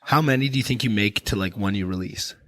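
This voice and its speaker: Rambling podcast host, low voice. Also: male voice, fast, no room sound. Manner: rambling, animated, swears freely. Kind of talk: casual podcast chat.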